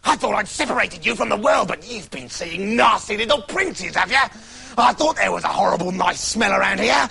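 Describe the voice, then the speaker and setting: A wicked old witch with a screeching, shouting voice that leaps high and wild, as a storyteller puts her on. She cackles and rants in a storybook telling. Her voice is pitched up and swings all over. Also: animated, moderate pace, creaky, crowd noise, exaggerated voice. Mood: furious. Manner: shrieking, cackling.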